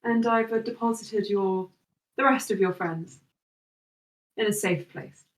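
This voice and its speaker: A woman's voice: mid-range voice, measured pace, natural voice. A woman voicing a smug, breezy fey traveler who trades in favors, offhand and teasing. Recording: echoey room, voice from off-mic.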